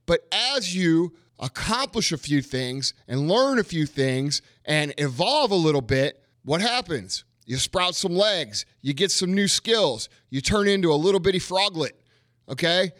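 A fairly high-pitched man hosting a motivational podcast, blunt and profane. He hammers his points with repetition and rhetorical questions, and his voice sounds close and dry. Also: animated, unhurried, a bit bright, dry recording. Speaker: podcast host.

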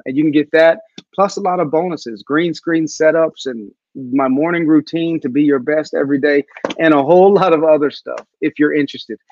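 Gravelly-voiced man telling a story. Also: a little high, no echo, muffled recording. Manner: animated storyteller who acts out quotes. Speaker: guest speaker and author. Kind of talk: storytelling interview answer. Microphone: video call.

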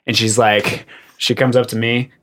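Animated storytelling gym owner, a man. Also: medium pitch, normal speed. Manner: animated, acts out quoted voices, swears freely. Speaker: gym owner and class coach. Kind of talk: casual podcast storytelling.

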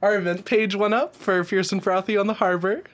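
A man, co-hosting a casual podcast chat and telling stories quickly with lots of laughing. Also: sits high, fairly even intonation, fairly bright tone, a little hiss or hum. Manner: giggly, quick storytelling. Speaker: podcast co-host, drag performer.

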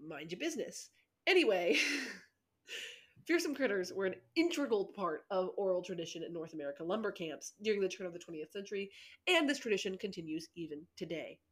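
A woman co-hosting a casual podcast, playful and giggly, who swears freely. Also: mid-range voice. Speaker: podcast co-host.

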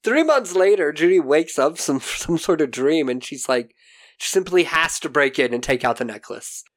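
A man co-hosting a podcast, recapping a TV episode in animated casual chat, swearing casually and acting out quotes. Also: a little high, normal speed. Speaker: podcast co-host.

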